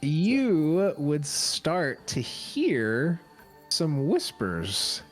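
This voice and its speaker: A man narrating a tabletop game as game master, animated and halting with fillers. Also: fairly high pitch, soft background music.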